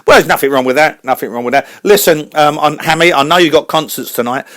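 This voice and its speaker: A man's voice: fairly high pitch, fast talker, hardly any pauses, a bit bright, no echo. A man hosting a comedy radio show, upbeat and teasing in his presenter patter.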